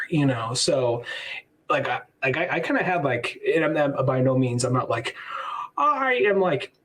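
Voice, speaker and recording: A man's voice: mid-range voice, fairly bright tone. A man hosting a podcast in casual chat, rambling and crude, acting out quotes. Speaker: podcast host.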